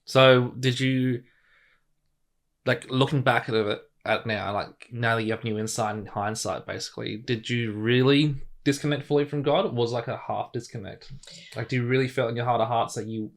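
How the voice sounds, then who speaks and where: A man's voice: medium pitch, fairly even intonation, normal speed. A young adult man hosting an interview, asking long rambling questions packed with fillers. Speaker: podcast host and interviewer. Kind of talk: casual interview chat.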